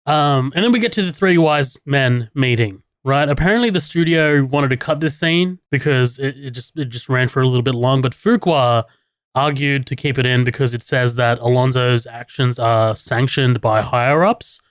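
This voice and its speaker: A man's voice: medium pitch, normal speed, no echo, studio quality. A man, co-hosting a casual film-review podcast, laid-back and laughing often. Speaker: podcast co-host.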